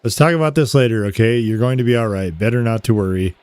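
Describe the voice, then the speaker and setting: A steady, caring friend, read out by a man as game dialogue. The delivery is plain and calm at an ordinary pitch, and the sound is close and dry with no room around it. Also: quick pace, smooth, dry recording, natural voice. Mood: reassuring. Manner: reads the lines in a plain, calm voice. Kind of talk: reading game dialogue aloud.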